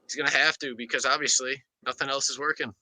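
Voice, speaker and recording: A man co-hosting a sports podcast, talking with excited, hyped-up energy. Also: mid-range voice, quick pace, dry recording, rough recording. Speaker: podcast co-host. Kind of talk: casual sports chat.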